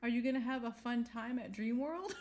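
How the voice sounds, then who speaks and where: A woman in her fifties co-hosting a podcast, telling a travel story in a casual, animated way and acting out the voices of the people in it. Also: fairly high pitch, a little fast, heavy background noise. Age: 50s. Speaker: podcast co-host. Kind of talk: casual chat.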